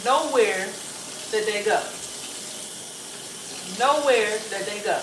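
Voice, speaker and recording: A woman's voice: medium pitch, takes it slowly, background noise. Ranting woman, roomy and far from the mic. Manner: animated, swearing, ranting. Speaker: vlogger. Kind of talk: rambling live-stream monologue.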